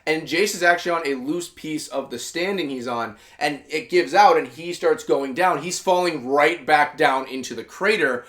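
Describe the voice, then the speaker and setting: A man's voice: fairly high pitch, moderate pace, few pauses, a bit bright. A man hosting a casual comic review, rambling through the story with lots of filler and quoted lines. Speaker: host.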